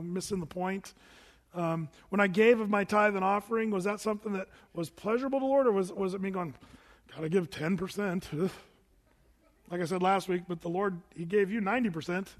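A man's voice: high voice, long reverb tail. A man preaching a sermon as pastor in a conversational, folksy way, firing questions at the congregation. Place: church sanctuary.

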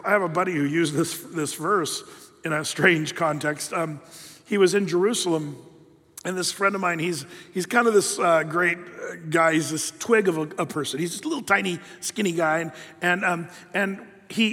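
A male preacher with a high, ringing voice delivers a conversational sermon. He tells stories in a folksy, animated way. The recording has a long reverb tail from a large hall. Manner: chatty, folksy, animated storytelling.

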